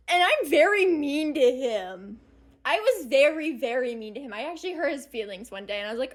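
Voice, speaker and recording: A woman's voice: sits high, expressive, brisk. A young woman in her late teens telling a rambling storytime vlog, laughing often and swearing casually. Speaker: vlogger.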